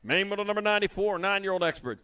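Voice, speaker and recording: A man announcing BMX races live at an outdoor track, calling the riders with playful nicknames in a quick, folksy manner. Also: high voice, animated, sharp tone, clean tone. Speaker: race announcer. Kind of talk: live race commentary.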